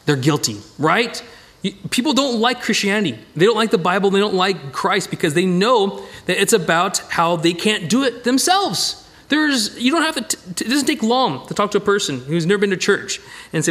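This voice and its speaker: Middle-aged male Bible teacher, high lively voice, animated, backtracks and self-corrects. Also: normal speed. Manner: animated, repeats phrases, self-corrects mid-sentence. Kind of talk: Bible study lesson with slides.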